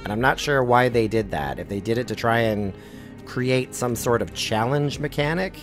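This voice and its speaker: A man streaming a game live, chatting casually and reacting loudly to what happens on screen. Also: medium pitch, moderate pace. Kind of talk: live gameplay commentary. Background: game music.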